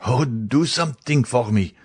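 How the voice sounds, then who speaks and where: A man's voice: mid-range voice, animated, normal speed, a little mellow, breathy edge, no echo, clean studio sound, voice pushed up. A man voicing a frightened, poisoned male servant who cries out desperately in an audiobook.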